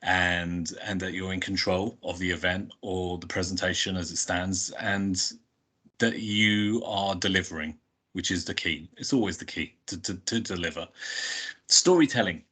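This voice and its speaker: A man's voice: low voice, moderate pace, bright, forceful tone, husky. A man giving a webinar talk as a public speaking coach, earnest and repetitive with frequent restarts. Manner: earnest, repeats words and restarts.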